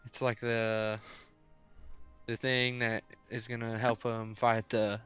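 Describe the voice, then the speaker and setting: Bright, clear-voiced male player. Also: mid-range voice, flat delivery, slow, faint music behind. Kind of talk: casual tabletop chat. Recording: dull lo-fi mic.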